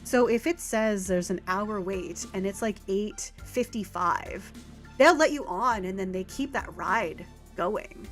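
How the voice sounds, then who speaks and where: A woman streaming a farming game, rambling in casual chat with lots of filler words. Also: medium pitch. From Canada. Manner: rambling and chatty, with filler words and quick laughs. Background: faint game music.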